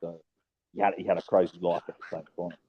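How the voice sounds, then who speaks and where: A man in casual chat, talking blunt and slangy with halting restarts. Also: low voice, level tone, slightly rough. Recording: dull lo-fi sound.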